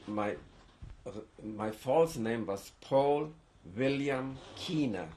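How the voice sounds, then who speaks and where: Older man giving halting testimony. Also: mid-range voice. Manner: halting, with repeated restarts. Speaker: interviewee. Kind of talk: oral history testimony.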